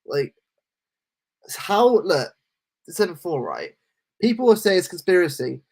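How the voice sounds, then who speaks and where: A man co-hosting a casual football podcast, talking in animated rants full of restarts. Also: high voice, a little slow, vocal fry, breathy edge. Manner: animated, ranting, lots of restarts. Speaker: podcast co-host.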